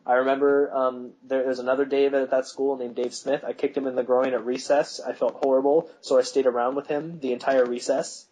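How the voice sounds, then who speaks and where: A man's voice: mid-range voice, little pitch movement, a little fast, few pauses, a little mellow, rough recording. A young man co-hosting a podcast, rambling through school stories and laughing at his own anecdotes, with a voice that cracks. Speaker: podcast co-host. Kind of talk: casual chat.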